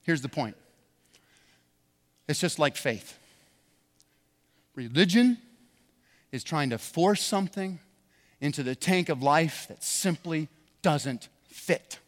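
Male pastor, animated sermon storyteller, high pitch, reverberant church sanctuary. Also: takes it slowly, pauses often. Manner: animated storyteller, preaching with rising emphasis.

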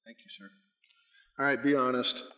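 A man's voice: medium pitch, level tone, moderate pace, bright, forceful tone. A man giving a folksy, self-deprecating church talk as a guest speaker on apologetics. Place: church hall. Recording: long hall reverb.

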